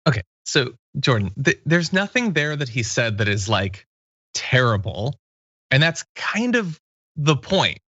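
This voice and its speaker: A man in his thirties hosting a casual political commentary show, talking in a wry, animated way. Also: medium pitch, a little slow, no room sound, lo-fi sound. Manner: wry, animated, mocking impressions. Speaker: news commentary host.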